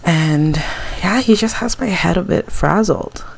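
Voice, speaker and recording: A woman's voice: fairly low pitch, expressive, a little slow, vocal fry, breathy edge, voice pushed up, exaggerated voice. A woman voicing an anxious, lovestruck young woman stylist who talks in a flustered, self-doubting way in a life-sim game.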